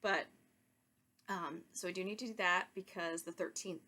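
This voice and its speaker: A woman hosting her own podcast, talking casually and excitedly to viewers, rambling with asides and soft laughs. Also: on the low side, moderate pace. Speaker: podcast host. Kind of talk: casual chat to camera.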